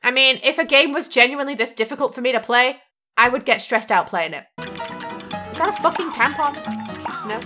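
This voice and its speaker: High-voiced exasperated woman ranting. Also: animated, normal speed, long pauses. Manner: exasperated, sarcastic, swearing freely. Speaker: gaming YouTuber reacting to a video. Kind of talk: casual reaction commentary. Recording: music playing clearly behind.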